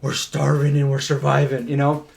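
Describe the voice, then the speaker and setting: A man co-hosting a live question-and-answer stream, telling a story in a casual, animated way with lots of filler words. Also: medium pitch, moderate pace, gravelly. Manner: animated, chatty, many "like" fillers.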